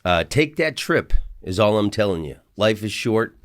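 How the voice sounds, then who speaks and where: Lively middle-aged American man rambling. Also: fairly low pitch, moderate pace. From United States. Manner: rambling, animated, with asides and restarts. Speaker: podcast host. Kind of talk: casual storytelling monologue. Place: hotel room.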